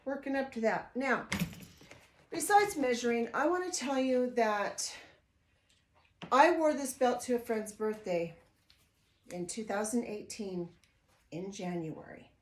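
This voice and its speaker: A woman's voice: a little high, animated, unhurried, pauses often. Older lady vlogging at home, chatty, gets emotional, lots of restarts, echoey room. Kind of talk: casual vlog talk to camera.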